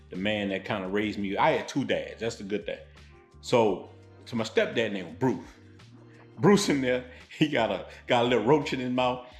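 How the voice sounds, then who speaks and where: Blunt storyteller. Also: male voice, medium pitch, reverberant. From Louisiana, United States. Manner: animated, blunt, street-style storytelling. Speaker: vlogger. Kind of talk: storytelling vlog.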